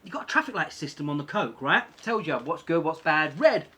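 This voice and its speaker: A man's voice: on the high side, big pitch swings, a little fast, pushed and bright, slight background noise. A man talking casually in a vlog, chatty and self-deprecating, repeating points for emphasis. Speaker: vlogger.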